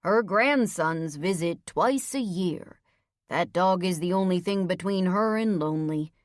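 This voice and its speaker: A woman playing a hulking, stoic male highway patrolman in an audiobook; he speaks in slow, clipped, steady phrases, flatly and without fuss. The recording is dry and close, with no room sound. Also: dry recording, close to an everyday voice. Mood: steady, terse. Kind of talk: audiobook character voice.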